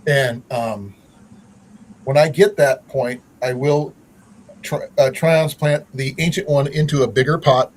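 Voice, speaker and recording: A man's voice: mid-range voice, fairly even intonation, a little slow, poor audio. A man hosting a casual livestream chat, rambling with many fillers and restarts. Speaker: channel host.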